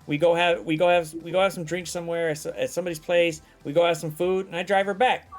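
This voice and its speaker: A man with a fairly high voice tells a long personal story in a loose, rambling chat, swearing freely and acting out what everyone said. Soft music plays faintly behind him. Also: little pitch movement, fast talker. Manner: profane, rambling storytelling full of acted-out quotes. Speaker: guest telling a personal story. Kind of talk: casual chat.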